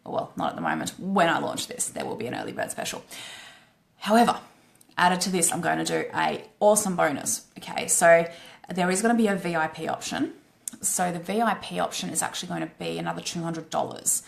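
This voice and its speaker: An Australian woman talks straight to her viewers, a coach pitching her program in a loose, live-stream way. Her voice sits low with a strong gravelly fry, and she peppers her talk with swearing and a steady "right?". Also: fairly quick. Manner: blunt and swearing, frequent "right?" tags.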